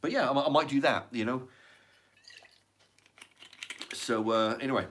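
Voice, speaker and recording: A man's voice: medium pitch, measured pace, a bit bright. A man talking in a casual, rambling monologue, blunt and sweary, often repeating words and restarting his sentences. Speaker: vlogger.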